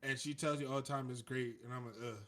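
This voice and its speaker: A man's voice: medium pitch, fairly even intonation, fast talker, a bit bright. A man co-hosting a casual podcast chat, brash and joking. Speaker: podcast co-host.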